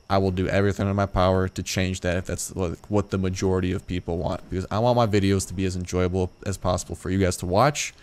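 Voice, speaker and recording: A young man with a fairly low voice, chatting loosely as he plays a game late at night. He sounds tired, swears casually, restarts his sentences, and now and then his voice leaps up in startled disbelief. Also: clear, resonant tone. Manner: chatty, swears freely, rambling with restarts, yelps in surprise. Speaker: gaming youtuber. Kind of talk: casual let's play commentary.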